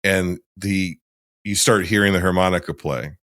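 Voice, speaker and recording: Podcast host, male, low voice, rambling animated retelling, dry close sound. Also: moderate pace, no echo. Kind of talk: casual film discussion.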